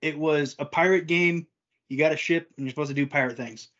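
Man, podcast co-host, casual storytelling, laughs a lot, slightly high voice, muffled lo-fi sound. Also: brisk, fairly bright tone. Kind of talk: casual chat. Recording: dull lo-fi audio.

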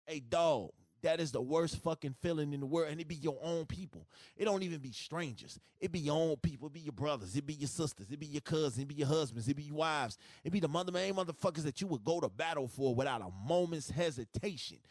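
A man's voice: on the high side, lively intonation, quick pace, no room sound, clean studio sound. A man hosting a solo podcast, ranting in a profane, emphatic, repetitive way with speech. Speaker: podcast host.

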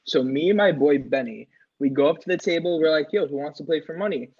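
A man's voice: on the high side, quick pace, a little mellow, slightly rough. A young man telling a crude party story on a podcast, acting out his friends' lines in a casual, profane way. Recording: slightly dull lo-fi sound.

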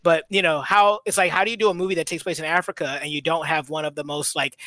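A podcast co-host in a casual movie chat, talking in an animated way with frequent laughs and quick asides. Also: mid-range voice, no room sound.

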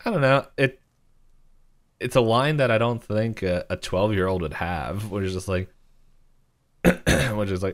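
A man's voice: on the low side, measured pace, long pauses. A young man co-hosting a podcast, recapping a cartoon episode in a loose, rambling way, filling with "like" and acting out characters' lines. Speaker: podcast co-host.

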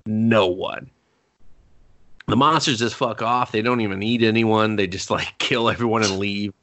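A man's voice: fairly low pitch, fairly even intonation, moderate pace, noisy background. A man co-hosting a podcast, giving a sarcastic, profane, rambling recap of a show in casual chat. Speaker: podcast co-host.

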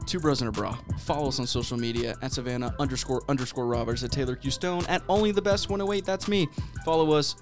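A man's voice: mid-range voice, steady tone, quick pace, few pauses. Brief: young male podcast host, mumbly delivery, casual, music under him. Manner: mumbles, swallows his words.

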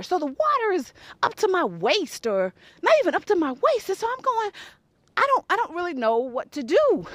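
A woman in her forties tells a family story straight to her audience, laughing often and putting on voices. Her voice sits high and bounces all over. The sound is dry and close, with no room around it. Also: no room sound. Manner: animated, laughing, acts out voices. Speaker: host. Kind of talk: casual storytelling.

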